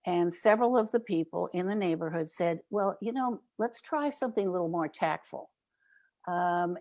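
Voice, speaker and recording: A woman's voice: lowish voice, darkish tone. An older woman on an interview show, telling community stories and acting out the people she quotes. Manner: storytelling, acts out quoted neighbors. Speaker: guest, child safety advocate.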